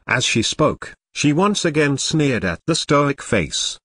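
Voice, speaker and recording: A man's voice: a little high, very animated, takes it slowly, few pauses, a bit bright, husky, no room sound. A man narrating a novel audiobook in a machine-like, scripted reading. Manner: machine-like reading, reads symbols aloud.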